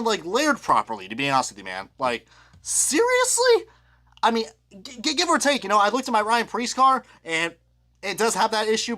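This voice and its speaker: A young man ranting live about his collection, excitable and foul-mouthed. His voice swings widely up and down and has a bright, forceful edge. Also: high voice. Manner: excitable and profane, with loud laughing outbursts. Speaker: diecast reviewer. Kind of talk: live rant review.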